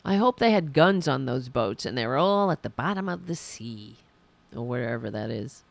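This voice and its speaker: A woman's voice: a bass voice, lively intonation, normal speed, gravelly, dry recording. A woman podcast host giving sarcastic, mocking live political commentary and reading viewer comments aloud.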